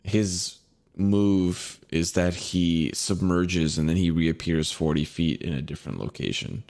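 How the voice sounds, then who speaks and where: A deep-voiced man talks through the session he just ran as game master. He is laid-back and laughs often, dropping casual curses as he chats. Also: measured pace. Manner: relaxed, laughing, swears freely. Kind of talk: casual post-game chat.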